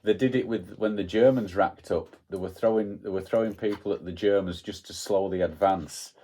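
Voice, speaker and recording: A man's voice: lowish voice, fairly even intonation, moderate pace, mellow. A man co-hosting a podcast in casual chat, blunt and salty, often ending with tag questions. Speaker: podcast co-host.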